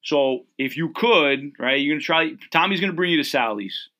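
A man's voice: on the high side, animated, moderate pace, bright, forceful tone. A man from Connecticut in casual chat, rambling with many restarts and calling people dude.

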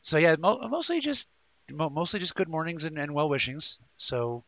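A man's voice: fairly high pitch, big pitch swings, normal speed, sharp tone, dry recording. A man hosting a live talk show in a rambling, jokey way, full of stumbling restarts. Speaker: host. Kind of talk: casual live-show chat.

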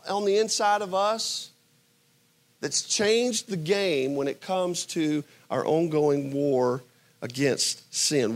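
A man with a high-pitched voice preaches a sermon, pressing his point with rhetorical questions. He swings from loud, emphatic bursts to hushed, quiet asides. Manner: asks the audience rhetorical questions. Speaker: pastor.

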